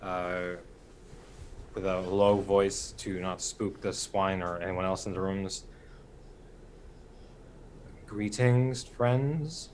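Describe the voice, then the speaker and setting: A man playing a tabletop game, speaking quietly and hesitantly. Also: low voice, monotone, slow, a little hiss or hum, rough recording. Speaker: player.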